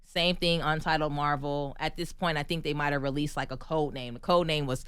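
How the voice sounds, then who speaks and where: A woman from the United States, a guest on a podcast interview, telling her story in an animated, emphatic way and laughing often. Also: on the low side, normal speed, hardly any pauses, smooth, dry recording, studio quality. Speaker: guest, actress and stunt performer.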